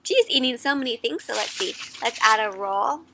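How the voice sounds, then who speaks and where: A young woman hosting an interactive children's read-aloud, animated and teacherly, stopping to ask the listener questions. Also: a little high, normal speed, creaky, a little hiss or hum.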